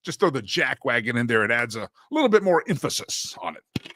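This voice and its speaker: Bright, playful talk show host man. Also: mid-range voice, sing-song, fairly quick, no room sound. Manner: playful and sarcastic. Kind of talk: casual talk show banter.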